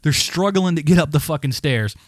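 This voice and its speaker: A man co-hosting a podcast, telling a story in a casual, animated, heavily profane rant. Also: on the high side, brisk, no echo, clean studio sound. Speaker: podcast co-host.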